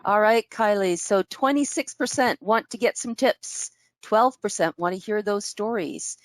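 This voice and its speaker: A woman's voice: mid-range voice, a little slow, no echo. A woman hosting a webinar, reading a guest's bio and welcoming her in an upbeat way over a video call. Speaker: webinar host. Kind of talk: webinar introduction.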